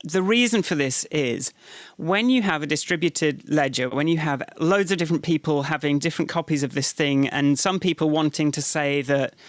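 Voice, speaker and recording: A man co-hosting a podcast, walking through ideas at length and softening his points with "kind of". His voice sits a little high for a man, recorded dry and close. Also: normal speed, few pauses, no room sound. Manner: explanatory, hedging with "kind of". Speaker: podcast co-host. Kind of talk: casual chat.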